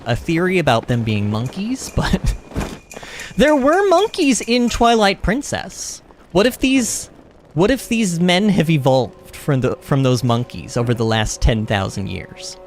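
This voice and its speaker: Man, game streamer, live commentary, playful, chatty, lively pitch, faint game music behind. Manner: playful, chatty, easily alarmed.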